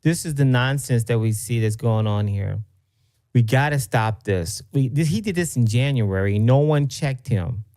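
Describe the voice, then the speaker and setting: A man's voice: mid-range voice, expressive, moderate pace, dark tone, no echo. Guy ranting about a clip, indignant and repetitive, dry close sound. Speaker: host, political commentator. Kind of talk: reaction commentary.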